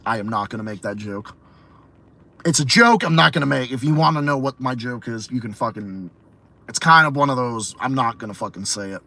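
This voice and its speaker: A man's voice: mid-range voice, brisk, bright, forceful tone. A man hosting a late-night livestream podcast, ranting casually, swearing a lot, repeating himself and laughing often. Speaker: podcast host and streamer.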